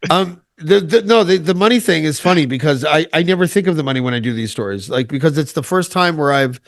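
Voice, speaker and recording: A man's voice: fairly high pitch, expressive, fast talker, gravelly, dry recording, clean studio sound. A Canadian man, a podcast guest, chatting casually, joking and rambling with restarts. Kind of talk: casual chat.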